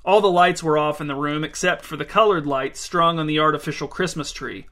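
Man reading a story, measured and steady, bright tone. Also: on the high side. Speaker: narrator.

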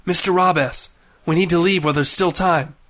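A man voicing a grave, secretive older man who speaks in urgent, clipped, hushed phrases. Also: fairly high pitch, steady tone, normal speed, close to an everyday voice.

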